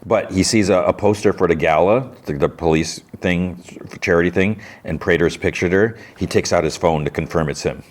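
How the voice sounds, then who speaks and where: A deep-voiced man hosts a podcast and recaps a TV episode. He rambles casually and fills his retelling with "like" and "uh". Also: moderate pace, few pauses. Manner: rambling, filler-heavy retelling. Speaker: podcast host.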